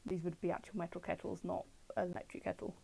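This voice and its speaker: British woman streamer at home; mellow tone, chatty and digressive, quips back at chat. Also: lowish voice, little pitch movement, fast, vocal fry, husky, low-quality recording. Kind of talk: casual livestream chat reviewing old books. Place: at home with her dog.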